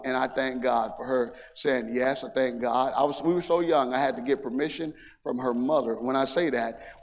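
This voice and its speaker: A man in his sixties, a preacher telling folksy stories and then building into fervent preaching during a church service. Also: medium pitch. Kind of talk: sermon. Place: church sanctuary. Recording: long reverb of a church hall.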